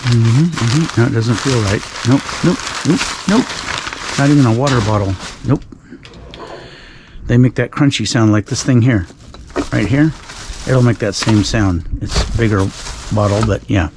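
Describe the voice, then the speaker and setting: A man with an ordinary mid-range voice talks his way through a night outdoors, rambling with dry sarcasm and the occasional sigh. The outdoor recording carries a clear layer of background noise, with cans and trash rustling close by. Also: mid-range voice, measured pace. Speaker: dumpster-diving vlogger. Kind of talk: casual night vlog narration.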